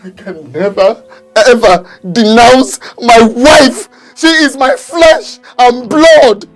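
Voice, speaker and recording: A gravelly, tormented husband. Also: male voice, on the low side, expressive, slow, soft background music, heavily acted. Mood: anguished. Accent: Nigerian. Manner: pleading, rising into anguished shouts. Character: crippled husband tormented by a spirit. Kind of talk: Nollywood film acting.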